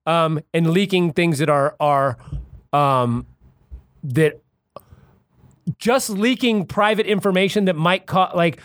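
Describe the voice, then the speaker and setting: Male podcast co-host, high voice, dry close sound, profane and rambling. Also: slow pace, pauses often, fairly bright tone, dry recording. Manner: profane, rambling, stumbles over words. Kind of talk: casual political chat.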